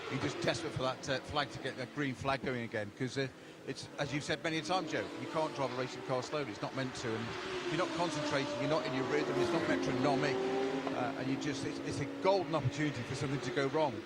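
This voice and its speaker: A man reporting live from the pit lane outdoors, giving brisk updates peppered with fillers. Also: mid-range voice. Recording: noisy pit lane line.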